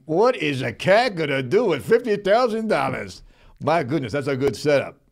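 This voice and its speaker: A man's a-little-high voice turns sing-song, creaky and exaggerated at a moderate pace. He plays a goofy, brash show host in Stallone style on a live comedy show, with a mumbling tough-guy drawl, a jokey mood, and cheerful bossing of his sidekick and crew.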